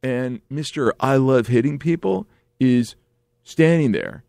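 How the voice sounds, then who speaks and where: A man with a gravelly, middle-pitched voice tells a story casually and animatedly. He swings from hushed to excited and often restarts his sentences. The recording is dry and close. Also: slow pace, no echo.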